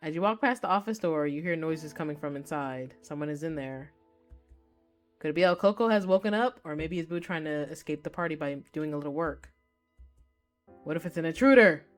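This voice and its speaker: A woman streamer reading a visual novel aloud live, excitable and quick to shriek with delight. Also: sits low, faint music behind.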